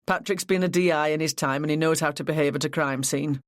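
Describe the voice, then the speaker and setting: An audiobook narrator voicing Stanway, a senior male police officer, who speaks in a brisk, hearty way. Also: mid-range voice, fairly even intonation, no room sound, clean studio sound, natural voice. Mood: relieved.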